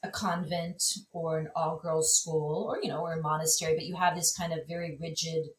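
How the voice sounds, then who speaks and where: A woman film critic, a guest in a casual conversation, talking in an animated way with many fillers and restarts. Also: sits low, fairly quick. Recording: echoey room, distant mic.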